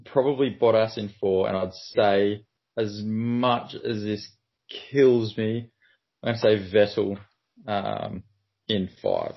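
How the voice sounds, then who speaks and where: A man's voice: fairly low pitch, lively intonation, slow, gravelly. A man co-hosting a podcast, chatting casually with dry humor. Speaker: podcast co-host. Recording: dull lo-fi audio.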